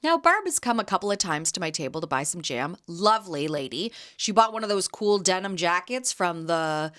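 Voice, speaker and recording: A woman in her thirties from Canada, hosting a podcast and telling a chatty story with quick laughs. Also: lowish voice, big pitch swings, a bit bright. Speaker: podcast host and jam vendor. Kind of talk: casual storytelling.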